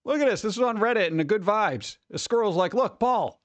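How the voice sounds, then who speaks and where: A man's voice: high-pitched, lively intonation, quick pace, dry recording. A man hosting a casual live stream, rambling and joking as he chats with his viewers on a close desk mic. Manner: rambling, joking, talks to chat. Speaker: streamer host.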